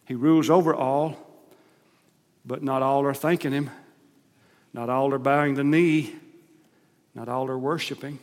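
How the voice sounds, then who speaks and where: A man preaching a sermon as pastor, emphatic, rising to loud stressed phrases and dropping to soft asides. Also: medium pitch, fairly even intonation, a little slow, pauses often. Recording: long hall reverb.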